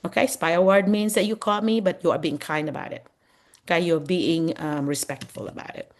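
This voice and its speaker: A woman's voice: fairly low pitch, steady tone, fairly quick. A middle-aged woman, a veteran teacher mentoring new teachers over a video call, chatty and laughing often. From Philippines. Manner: chatty and warm, laughs often, acts out what students say. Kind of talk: Zoom mentoring talk.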